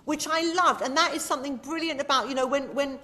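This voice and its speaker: Lively mum telling stories. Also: female voice, high voice, fast talker, slight background noise. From England. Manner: animated, tells stories with acted-out quotes. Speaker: podcast guest, mother. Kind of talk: casual storytelling chat.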